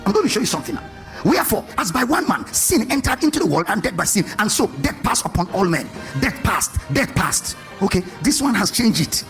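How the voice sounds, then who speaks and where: A man preaching with a high, bright voice that leaps up and down. He questions his listeners and stretches key phrases into a sing-song. Faint music sits under his voice. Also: brisk. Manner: animated, questioning the congregation, sing-song emphasis. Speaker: pastor. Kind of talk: sermon.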